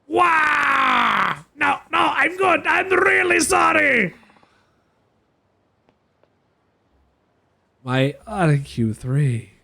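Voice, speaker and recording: A petty, whiny street thug from a video game, put on by a man with a nasal, cartoonish voice. He cackles and wails and swings wildly up and down. The voice is gravelly at the edges. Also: very high voice, sing-song, drawn-out words, sharp tone, shouting, voice pushed up, full character voice. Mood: wailing.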